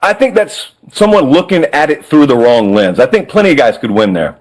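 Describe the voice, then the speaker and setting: A man giving wry, animated college football analysis on a sports talk show. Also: fairly high pitch, poor audio. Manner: wry, animated, fast-talking.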